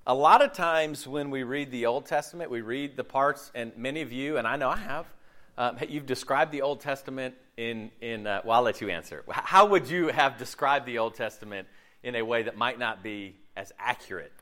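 A man's voice: mid-range voice, normal speed. A man preaching a conversational sermon as a minister, joking and quizzing the listeners. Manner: joking, animated, asks the room questions.

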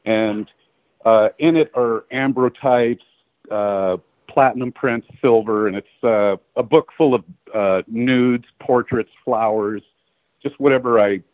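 Animated middle-aged man, tinny phone line. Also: mid-range voice, slow pace, no room sound. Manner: animated storyteller acting out quoted dialogue, laughing. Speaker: guest photographer. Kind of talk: casual storytelling interview.

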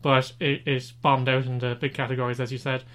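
Man, podcast co-host, quick rambling chatter with many fillers. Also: medium pitch, flat delivery, a bit bright. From Ireland. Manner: rambling, gushing, lots of fillers. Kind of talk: casual podcast chat.

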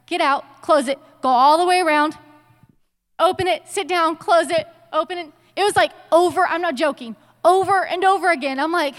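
A woman's voice: extremely high pitch, moderate pace, big-room sound. A young woman giving a casual, conversational sermon in a church, telling stories with chatty slang asides. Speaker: church speaker. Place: church sanctuary.

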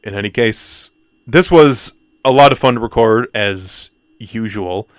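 A man's voice: on the low side, a little slow, no echo, clean studio sound. A man co-hosting a movie podcast, talking casually with jokes and self-mockery. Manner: joking, self-mocking, trails off. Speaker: podcast co-host. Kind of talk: casual chat.

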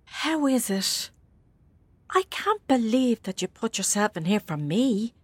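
A young actress with an Irish accent playing a nervous, gentle mother visiting her own mother in prison. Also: fairly high pitch, very animated, measured pace, breathy edge, no echo, exaggerated voice. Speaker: daughter. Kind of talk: film drama acting.

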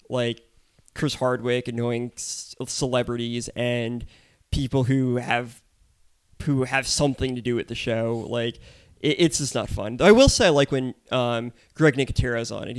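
A man's voice: medium pitch, smooth, no echo. A man co-hosting a casual podcast, ranting and swearing, often mocking others in put-on voices. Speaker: podcast co-host. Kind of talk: casual profane chat.

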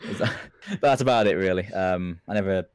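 A man's voice: deep voice, a little fast, clean tone, dry recording, studio quality. A British man, a guest streamer, chatting casually and self-deprecatingly in an interview, laughing easily.

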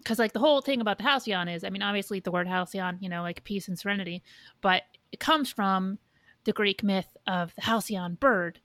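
A woman's voice: medium pitch, a little fast, a bit bright, no room sound. A woman co-hosting a podcast in casual chat, making blunt, dry asides. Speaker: podcast co-host.

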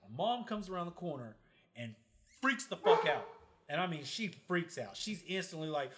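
Casting: slightly high-voiced man, blunt and profane, casual storyteller. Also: very animated, moderate pace, fairly bright tone, a little hiss or hum. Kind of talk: casual chat.

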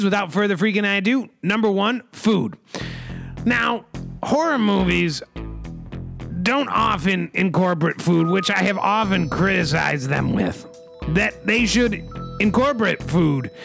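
A man co-hosting a comedy radio show, presenting in a mock-solemn, deadpan way with rhyming catchphrases. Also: high voice, gravelly.

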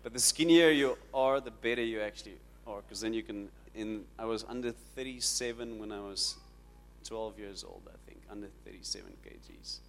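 A man preaching a sermon, building to loud, dramatic peaks as he retells the story. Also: lowish voice, moderate pace. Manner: dramatic, rising to shouts when quoting. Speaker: pastor.

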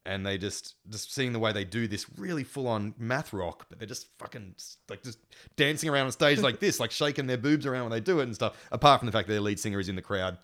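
A musician guest tells stories in casual chat, swearing freely and acting out what people said. He's an animated storyteller with a fairly low-pitched voice, talking fast with few pauses.

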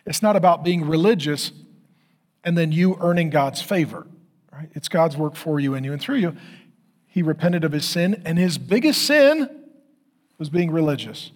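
A man's voice: fairly high pitch, animated, normal speed, darkish tone. A man preaching as a pastor, telling a story with emphatic lists, then closing in prayer. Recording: long hall reverb.

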